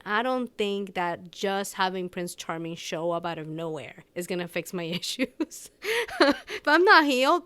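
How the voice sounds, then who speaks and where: A woman's voice: medium pitch, clean tone, no echo. A woman hosting her own podcast, talking unscripted and candidly, telling stories animatedly and acting out bits of dialogue. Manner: candid, animated storytelling with laughs and quoted dialogue. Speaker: podcast host. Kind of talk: unscripted personal podcast monologue.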